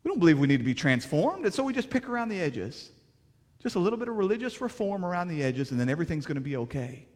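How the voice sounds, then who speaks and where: A man preaching a sermon with emphatic delivery and rhetorical questions, swinging between loud declarations and hushed passages. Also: high-pitched, sing-song, quick pace, long reverb tail. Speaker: pastor.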